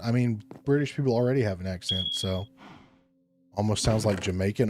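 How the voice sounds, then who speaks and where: A man streaming a block-building game, chatting casually with his chat in a laid-back, rambling way and thinking aloud between pauses. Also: on the low side, a little mellow. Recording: faint music underneath.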